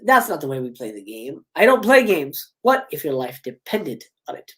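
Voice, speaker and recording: A man voicing a menacing male masked killer taunting someone over the phone in a low, hushed voice that slips into whispers, as part of a live script reading. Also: very animated, normal speed.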